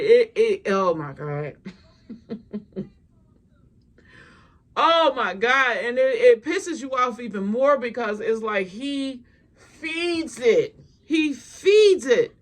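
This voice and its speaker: Blunt, exasperated woman with a high voice. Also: lively intonation, unhurried. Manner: blunt, exasperated, swears freely. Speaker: gossip commentator. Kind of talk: casual commentary.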